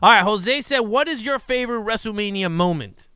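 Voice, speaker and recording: A man's voice: high voice, animated, brisk, sharp tone, clean tone, dry recording, clean studio sound. A man co-hosting a podcast, laid-back, reading out viewer comments in casual chat.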